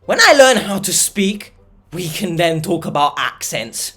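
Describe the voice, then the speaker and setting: A man's voice: high-pitched, measured pace, breathy edge. A man hosting a reaction video, delivering sarcastic, exasperated commentary. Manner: mocking, exasperated, animated.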